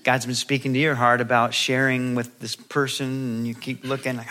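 A man preaching a sermon, acting out quoted voices and swinging between loud exclamations and hushed asides. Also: medium pitch, moderate pace.

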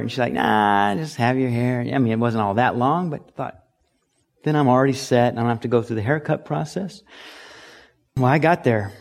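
A middle-aged man preaching a sermon, telling stories and acting out quoted voices with sudden loud, high bursts. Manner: storytelling, acts out loud shouting quotes. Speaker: pastor.

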